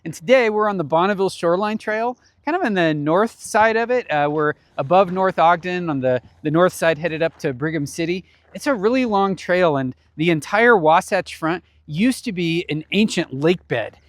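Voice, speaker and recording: A man's voice: high voice, lively intonation, normal speed, few pauses, no echo. A man presenting for a ministry foundation, giving a casual explanatory talk outdoors on a mountain trail, conversational and chuckling now and then. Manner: conversational, with frequent small chuckles.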